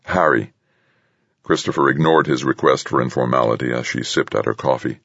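A man narrating a thriller audiobook in a steady, measured way. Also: very deep voice, creaky, dry recording, lo-fi sound. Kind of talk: scripted narration.

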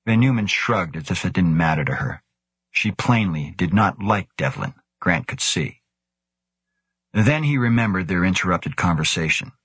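A man with a very low, husky voice reads an audiobook steadily. The sound is close and dry, with no room around it. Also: animated, normal speed, a bit bright, dry recording. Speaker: narrator. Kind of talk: audiobook narration.

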